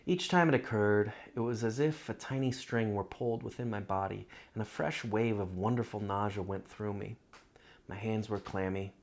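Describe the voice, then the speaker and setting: A man reading his own literary love story aloud in a measured, reflective first-person narration. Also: fairly low pitch, creaky.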